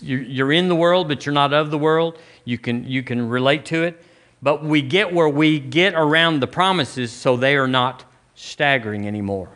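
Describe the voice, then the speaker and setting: A man's voice: medium pitch, pushed and bright. A man preaching a sermon as pastor, in a casual, conversational way, often restarting his phrases.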